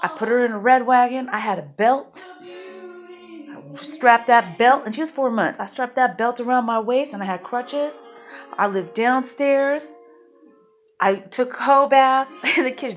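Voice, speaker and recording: Woman, raw and emotional storyteller, rambles and swears, slightly high voice, soft music underneath. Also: lively intonation, a little slow. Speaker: mother telling her life story.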